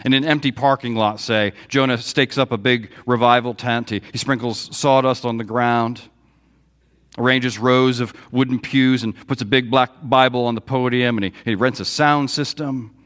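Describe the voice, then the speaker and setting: A man's voice: medium pitch, steady tone, moderate pace, fairly bright tone. A man pastor preaching a sermon, telling a personal story and a Bible story, quoting dialogue with feeling. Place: church sanctuary.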